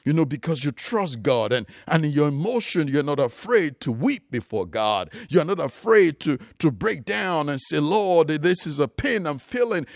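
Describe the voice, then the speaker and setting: Emphatic preacher, swooping lively voice. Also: male voice, on the high side, moderate pace, creaky, few pauses, no room sound, clean studio sound. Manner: emphatic, rising and falling for emphasis; addresses listeners as loved ones. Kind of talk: sermon.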